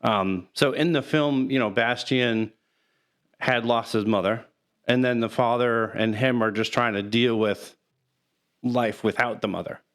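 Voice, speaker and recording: Man, podcast co-host, smooth clear voice, mid pitch, rambling casual chat. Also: steady tone, fairly bright tone. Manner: rambling, halting, laughs through sad moments. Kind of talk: casual film discussion.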